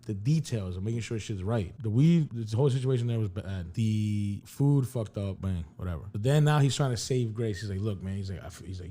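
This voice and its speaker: A man's voice: on the low side, a little fast. A man telling a story on a podcast in a casual, profane way, acting out the dialogue. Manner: animated, profane, acts out dialogue. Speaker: podcast host.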